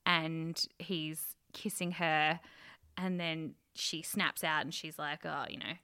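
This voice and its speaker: A woman's voice: low-pitched, flat delivery, slow pace, pushed and bright, clean tone. A woman co-hosting a casual film review chat, gushing with enthusiasm and acting out scenes as she retells them.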